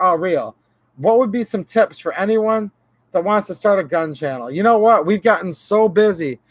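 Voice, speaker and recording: Man, livestream host, casual rambling chat, joking, slightly high voice, dry close sound. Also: no echo. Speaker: gun channel livestream host.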